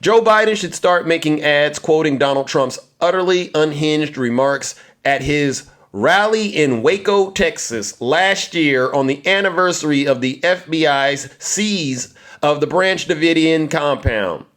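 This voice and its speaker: Male commentator with a somewhat high voice, punchy rhetorical monologue that rallies the crowd. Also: animated, measured pace, fairly bright tone. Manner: emphatic, rhetorical, rallying the audience. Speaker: political commentator.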